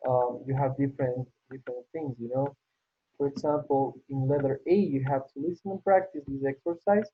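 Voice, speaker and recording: A man with a slightly high, husky voice works patiently through exercises in an online English class, praising his student again and again. The video-call audio sounds tinny, like a phone line.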